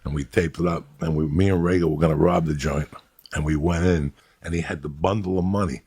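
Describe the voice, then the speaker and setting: His voice rumbles low and moves fairly quickly as this middle-aged podcast host spins street stories in casual chat. He's a gravelly, animated storyteller who performs the voices of the characters.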